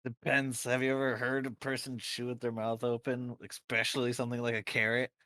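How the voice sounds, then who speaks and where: A man's voice: medium pitch, completely flat delivery, a little fast, bright, forceful tone, no echo. Easygoing man player, dry and close. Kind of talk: casual tabletop chat.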